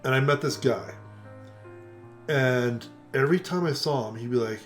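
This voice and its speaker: An older man talks through a casual conversation in a middle-pitched voice, acting out each person he quotes. Soft guitar music plays faintly underneath. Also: moderate pace. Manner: animated storyteller, acts out quoted voices. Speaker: co-host.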